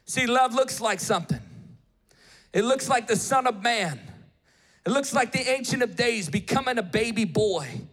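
A male preacher giving an impassioned sermon, swinging between shouted appeals and hushed storytelling. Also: extremely high pitch, expressive, normal speed, big-room sound.

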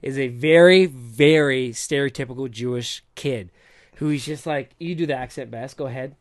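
A man's voice: medium pitch, moderate pace, dry recording, clean studio sound. A young man co-hosting a podcast, rambling through a story in casual chat and often stumbling over his words. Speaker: podcast co-host.

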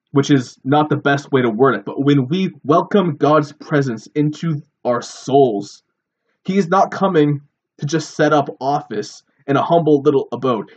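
A man's voice: fairly high pitch, a little mellow, slightly rough. Guy teaching a bible sermon, earnest, asks lots of questions, kinda muffled recording. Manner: earnest, explanatory, rhetorical questions. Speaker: preacher.

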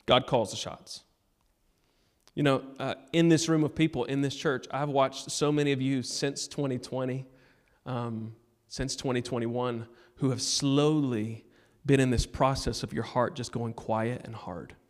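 A male pastor giving a sermon, telling a personal story and urging the congregation, moving between loud appeals and hushed moments. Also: mid-range voice, steady tone, measured pace. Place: church sanctuary.

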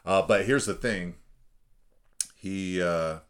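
Deep-voiced dad recapping a movie. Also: male voice, slow pace. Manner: rambling, laughs often, fillers. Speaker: podcast co-host, father. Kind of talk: casual chat recapping a film.

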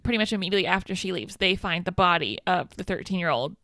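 A woman's voice: lowish voice, animated, fairly bright tone, dry recording. A young woman co-hosting a podcast, chatting casually with wry remarks and frequent laughter. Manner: laughs often, quick reactions, wry. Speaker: podcast co-host. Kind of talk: casual chat recapping a film.

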